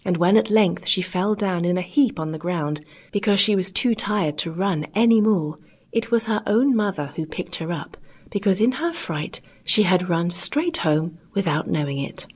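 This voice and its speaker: A woman narrating a children's audiobook in a gentle, expressive reading with character voices. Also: on the low side, moderate pace, breathy edge.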